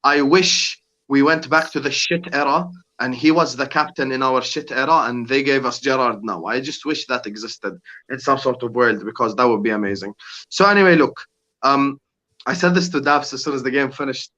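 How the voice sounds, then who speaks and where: A man's voice: medium pitch, normal speed, pushed and bright, lo-fi sound. A man chatting casually about football on a panel, blunt and exasperated, repeating himself.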